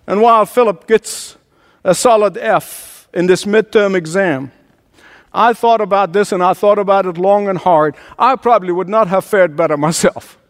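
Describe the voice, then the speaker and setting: A man preaching a sermon, swinging between soft, low asides and rising, emphatic climaxes, with chuckles between lines. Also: moderate pace. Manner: preaching with dramatic swings of pitch and loudness, builds to emphatic climaxes. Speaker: pastor.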